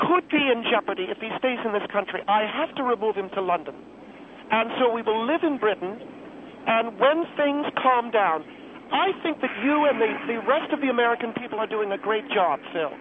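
Guy doing a snooty rich stage mom, super high voice, whiny and self-important, tinny phone line. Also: slight background noise. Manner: haughty, self-important, easily offended. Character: pompous wealthy middle-aged stage mother, female. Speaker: radio call-in guest.

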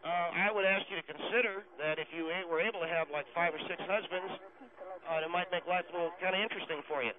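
A man's voice: high voice, steady tone, fast talker, pitched above the performer's own voice, lightly acted. A man voicing a brash, crude middle-aged ex-cop guest on a radio show, who needles callers bluntly. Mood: needling. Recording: tinny phone line with loud music.

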